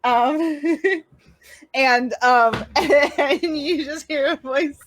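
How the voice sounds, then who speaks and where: A woman playing a tabletop game, narrating haltingly with frequent giggles. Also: sits high, a bit bright, a little hiss or hum. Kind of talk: casual role-play narration.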